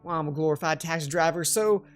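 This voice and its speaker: A man's voice: fairly high pitch, quick pace, soft background music, lightly acted. A man reading a plainspoken woman starship captain. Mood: friendly.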